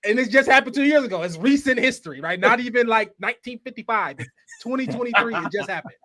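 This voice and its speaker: Fast, high-voiced excitable man. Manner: quick, excitable, repeats phrases. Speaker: podcast co-host. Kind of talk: casual sports chat.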